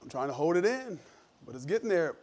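A man's voice: on the high side, very animated, brisk, darkish tone. A man, preaching a sermon as pastor in an earnest, emphatic, conversational way with frequent restarts. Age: 40s.

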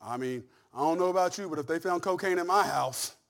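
High-voiced, animated preaching man. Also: a little fast, creaky. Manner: animated preaching that swings from soft asides to shouted climaxes; humorous, folksy storytelling with laughs. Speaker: pastor. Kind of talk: sermon.

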